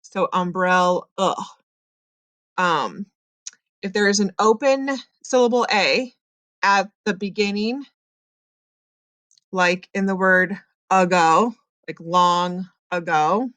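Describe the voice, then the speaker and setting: A woman teacher giving a recorded phonics lesson, explaining patiently and slowly with frequent ums. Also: mid-range voice, fairly bright tone, no echo.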